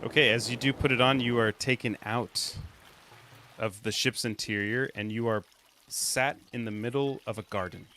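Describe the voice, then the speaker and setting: A man narrating as game master in a slow, descriptive, measured way. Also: medium pitch, fairly even intonation, sharp tone, slight background noise.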